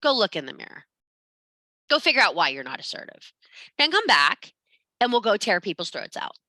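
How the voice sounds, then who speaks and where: A woman's voice: medium pitch, very animated, moderate pace, sharp tone, no echo. A woman voicing a fierce female goddess who gives brusque, no-nonsense advice.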